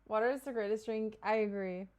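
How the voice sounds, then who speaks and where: A woman's voice: mid-range voice, fairly quick, darkish tone. A woman from Kentucky streaming live, chatting casually with her viewers and reading out their comments with loose asides and fillers.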